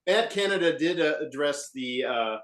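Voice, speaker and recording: A man co-hosting a sports fan podcast, giving the news segment in a dry, measured way with frequent pauses. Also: on the high side, lively intonation, noisy background. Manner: dry, measured, many uh fillers. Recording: echoey room.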